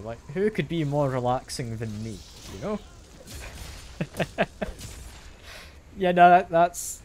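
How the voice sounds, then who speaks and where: Gaming at home, a young man from Scotland talks casually with his stream viewers through a sensitive desk mic, his accent mild. His voice is on the high side, with slight background noise. He's chatty and self-deprecating, reading out replies to chat with soft laughs.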